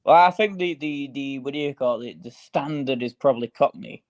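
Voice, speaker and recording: A man's voice: mid-range voice, moderate pace. A man with a British accent chatting casually on a livestream, curious and talkative, full of questions. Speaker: livestream guest. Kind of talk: casual chat. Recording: dull voice-chat audio.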